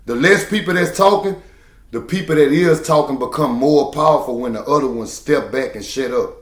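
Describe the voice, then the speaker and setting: A man's voice: mid-range voice, normal speed, echoey room. A man who drives trucks, talking to the camera in a preachy, emphatic way and hammering home repeated phrases. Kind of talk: casual monologue to camera.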